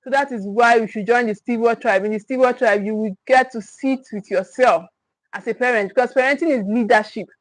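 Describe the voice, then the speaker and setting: A woman's voice: fairly high pitch, fairly quick, dry recording, low-quality recording. A woman, a parenting coach teaching on a livestream, stressing and repeating her key points and checking in with viewers. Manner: emphatic, repeats key phrases; speaks directly to the viewers, with check-ins.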